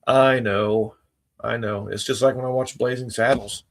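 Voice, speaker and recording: A man's voice: mid-range voice, steady tone, moderate pace. A man hosting a casual livestream, chatting with viewers in a laid-back, wry way. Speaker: livestream host reading chat. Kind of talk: casual chat.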